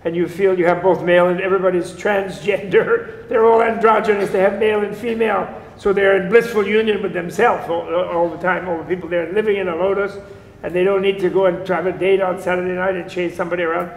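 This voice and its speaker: A man teaches a class on Buddhism, wandering off on jokey tangents and chuckling along the way. His voice sits fairly high. The room is echoey and the sound lingers with a long tail. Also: steady tone, quick pace, a little hiss or hum. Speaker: lecturer on Buddhism. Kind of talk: casual lecture to a class.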